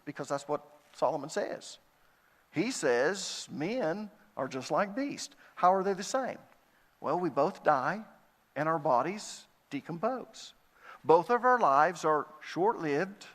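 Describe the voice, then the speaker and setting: A man delivers a sermon as a pastor, his voice pitched a little high for a man. He reads verses with lifted emphasis and answers his own questions. The sound carries a long reverb from a large hall. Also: fairly bright tone. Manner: preaching with rhetorical questions, rising emphasis on scripture readings.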